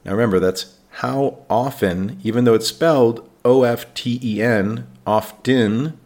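A man with an American accent hosting an English-learning podcast, speaking slowly and clearly and giving example sentences for learners. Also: medium pitch, a little mellow. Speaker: English teacher, podcast host. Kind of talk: scripted teaching podcast.

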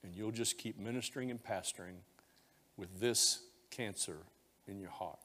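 A man's voice: fairly low pitch, normal speed, pushed and bright. A male pastor preaching a sermon, telling a personal confession in an emotional, heartfelt way. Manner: emotional confessional storytelling, voice rising when moved. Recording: long hall reverb.

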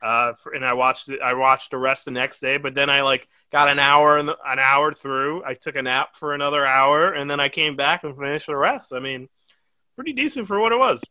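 A man co-hosting a casual film review podcast, animated and rambling, swearing often. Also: mid-range voice, fairly quick, no echo. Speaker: podcast co-host.

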